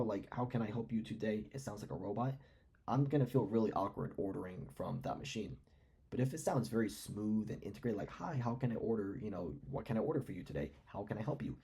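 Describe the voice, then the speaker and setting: Guy rambling about stocks, low gravelly voice, lots of fillers. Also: mellow. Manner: rambling, filler-heavy, musing aloud. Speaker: finance commentator. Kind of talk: casual stock commentary.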